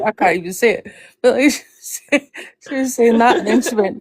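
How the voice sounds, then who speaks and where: A woman's voice: fairly high pitch, lively intonation, normal speed, slightly rough, dry recording. Giggly woman hosting a stream. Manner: giggly storytelling. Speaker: livestream host. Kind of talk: casual chat.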